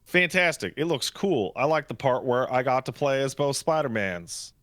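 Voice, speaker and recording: A man's voice: mid-range voice, animated, normal speed, a bit bright, dry recording, studio quality. A man co-hosting a casual podcast, talking bluntly and emphatically with plenty of swearing. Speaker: podcast co-host.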